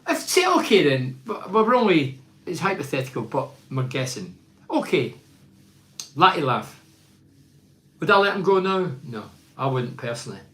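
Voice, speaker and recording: A middle-aged man hosting a football podcast, giving forceful opinions and reading out listener comments, repeating himself for emphasis. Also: fairly high pitch, very animated, moderate pace, pauses often, roomy sound. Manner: emphatic and rhetorical, piles up repeated phrases.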